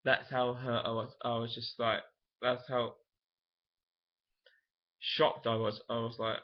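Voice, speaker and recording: A man's voice: mid-range voice, level tone, slow pace. A young man, telling a personal story to camera in a frank, emotional, rambling way. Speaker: vlogger. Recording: dull lo-fi camera audio.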